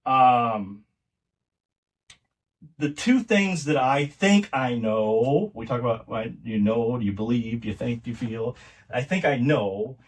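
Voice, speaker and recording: A middle-aged man appears as a podcast guest, telling family stories casually and ramblingly, restarting often. His voice sits at medium pitch and moves slowly, picked up by a distant mic.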